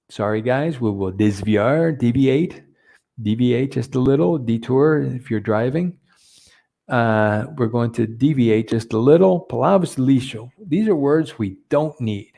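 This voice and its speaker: A man teaching a Bible lesson, halting often with fillers and restarts. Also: medium pitch, creaky, mellow. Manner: hesitant, many fillers and restarts, switching between two languages.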